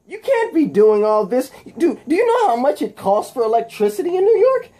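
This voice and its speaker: Man doing a wisecracking young superhero, high-pitched, loud teasing tone, mellow voice. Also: big pitch swings, fairly quick, full character voice. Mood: mocking. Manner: joking, teasing. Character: wisecracking young male superhero taunting a villain.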